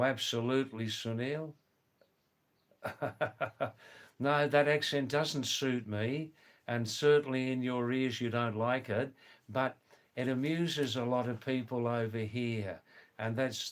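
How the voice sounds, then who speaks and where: A man hosting a casual livestream from indoors, chatting with viewers, greeting them by name and often laughing. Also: medium pitch. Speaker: livestream host. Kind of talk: casual livestream chat, reading comments. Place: indoors, during a power cut.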